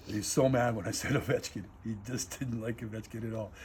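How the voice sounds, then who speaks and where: A man tells an interview story with lots of fillers, animated swings and some swearing, speaking outdoors. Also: fairly low pitch, a little fast, slight background noise. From Canada. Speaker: aid worker telling a war story. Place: outdoors in a war zone.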